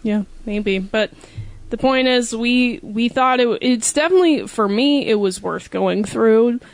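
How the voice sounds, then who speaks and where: A woman's voice: fairly high pitch, a little slow, vocal fry, dry recording. A woman in her twenties co-hosting a podcast, telling stories in a rambling way with many fillers. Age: 20s. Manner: rambling, filler-heavy storytelling. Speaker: podcast co-host. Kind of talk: casual podcast chat.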